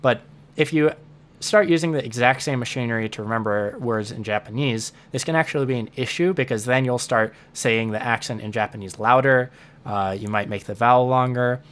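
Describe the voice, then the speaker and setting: A man's voice: medium pitch, a little fast. A man teaching in a casual, explanatory way, thinking aloud and repeating words as he restarts his sentences. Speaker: language learning teacher.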